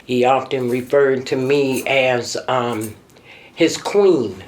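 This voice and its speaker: A middle-aged woman, the mother in a documentary interview, reminiscing emotionally with her pitch sometimes rising sharply. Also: slow, a little mellow.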